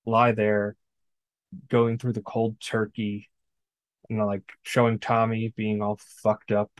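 A man's voice: on the low side, monotone, slow pace, no room sound. A man co-hosting a podcast, recapping a film in casual chat, blunt and profane. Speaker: podcast co-host. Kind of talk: casual movie discussion.

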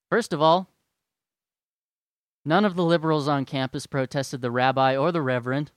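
A man's voice: on the high side, brisk, clear, resonant tone, no echo, clean studio sound. A young man ranting, heated, profane and sarcastic. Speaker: vlogger. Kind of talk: angry rant.

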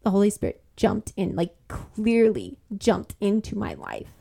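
A young woman speaks as a podcast guest, sharing a heartfelt personal story in a casual, rambling way. Her voice sits at an ordinary pitch with a noticeable gravelly fry, and her talk is full of fillers and earnest restarts. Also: huge pitch swings, a little slow, dark tone. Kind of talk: personal testimony in casual conversation.

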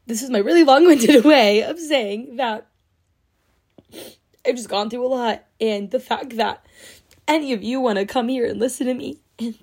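Young woman, podcast host, slightly high voice, weepy and gushing, rambling with lots of fillers. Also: moderate pace, a little mellow. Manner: tearful, gushing, full of fillers. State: crying. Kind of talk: emotional solo podcast talk.

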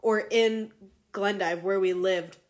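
A woman's voice: medium pitch, steady tone, slow pace, a little mellow. A young woman from Montana in casual chat, mostly agreeing and adding short asides. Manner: supportive listener, short agreements and laughs.

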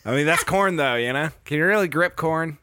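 A man's voice: on the high side, animated, brisk, sharp tone, a little hiss or hum. A man co-hosting a podcast in casual chat, rambling with lots of filler words and casual swearing. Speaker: podcast co-host.

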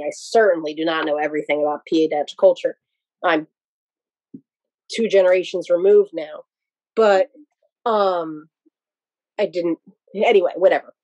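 A woman's voice: fairly low pitch, normal speed, pauses often, darkish tone, dry recording, muffled recording. A woman from Pennsylvania, a podcast guest, telling casual stories in a rambling, digressive way with many restarts. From Pennsylvania, USA. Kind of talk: casual interview storytelling.

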